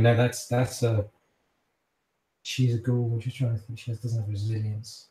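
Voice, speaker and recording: A man's voice: mid-range voice, flat delivery, normal speed, long pauses, warm tone, reverberant. A man narrating a tabletop game as game master, with vivid, gory storytelling and frequent restarts.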